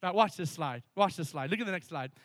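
A male pastor preaching a sermon with energy, mixing sudden loud emphasis with quick asides. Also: fairly high pitch, lively intonation, no echo.

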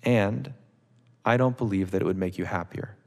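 Calm careful therapist, read by a man, low and gravelly, hall reverb. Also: moderate pace. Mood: measured. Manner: plain, lightly voiced dialogue. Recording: long reverb of a large hall.

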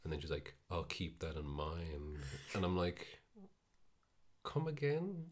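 This is a man with a very low, deep voice, easygoing and wry as he casually talks through a film's scenes on a podcast. His delivery is relaxed and conversational. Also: moderate pace. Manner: laid-back, wry storytelling. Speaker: podcast co-host. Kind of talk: casual chat reviewing a film.

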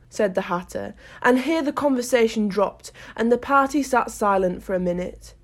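A woman's voice: medium pitch, moderate pace, hardly any pauses. A woman reading a storybook aloud at home, with chatty self-mocking asides, no proper microphone. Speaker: audiobook reader. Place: home, no studio. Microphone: basic home setup, no proper mic.

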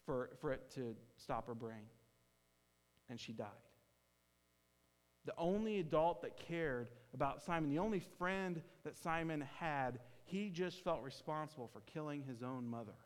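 Earnest male preacher, somewhat high voice, recorded with long room reverb. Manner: earnest storytelling with halting restarts. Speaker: pastor. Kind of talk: sermon. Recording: hall reverb.

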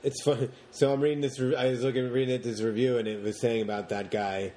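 A man co-hosting a podcast, chatting casually about movies in long, animated rants and mocking the characters as he goes. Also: medium pitch, fast, a little hiss or hum. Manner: rambling, animated rants with mocking put-on quotes. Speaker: podcast co-host.

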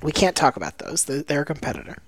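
A woman co-hosting a podcast, chatting casually with a wry, joking manner and frequent laughter. Her pitch swings widely and the sound is close and dry. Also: sing-song, quick pace, slightly rough, no room sound. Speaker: podcast co-host. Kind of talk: casual chat.

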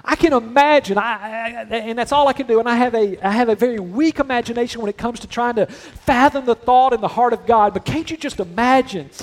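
Pastor guy preaching, highish voice, joking around then slowing way down to stress words. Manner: conversational preaching with humor, drawn-out emphatic phrases. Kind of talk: sermon.

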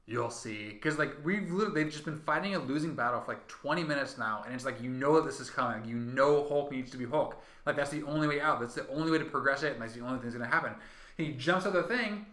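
Rambling, swearing young man, bright voice. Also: medium pitch, fast. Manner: rambling, profane, filler-heavy. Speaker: podcast co-host. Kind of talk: casual chat. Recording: roomy echo.

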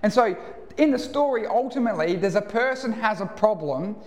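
A man's voice: high voice, lively intonation, normal speed. A man with an Australian accent preaching a casual, storytelling sermon live in a church. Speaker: pastor. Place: church hall. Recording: echoey church hall, live.

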